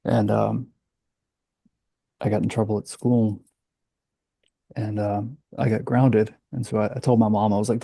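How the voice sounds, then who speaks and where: Gravelly dark-voiced Alabama man. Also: mid-range voice, measured pace, long pauses, no echo. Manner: animated storyteller, acts out quotes. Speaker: guest. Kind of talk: casual storytelling.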